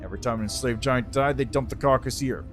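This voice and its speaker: Man reading a gruff male miner, blunt, matter-of-fact, near-plain voice. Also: mid-range voice, quick pace, a bit bright, faint music behind, lightly acted.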